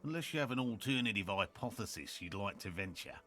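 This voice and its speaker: Eccentric middle-aged cryptozoologist man, husky, formal, wry, in a game. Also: fairly low pitch, expressive, brisk, bright, forceful tone, dry recording. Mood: earnest. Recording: game audio with music behind.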